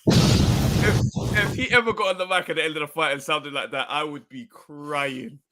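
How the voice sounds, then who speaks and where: A man co-hosting a podcast, telling stories excitably and laughing as he talks. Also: on the high side, normal speed. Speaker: podcast co-host. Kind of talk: casual boxing chat.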